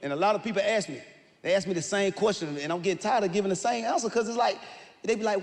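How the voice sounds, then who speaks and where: A man doing stand-up comedy, loud and animated, often shouting his punchlines. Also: sits high, racing. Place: large live venue with audience. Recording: reverberant hall, faint ambience.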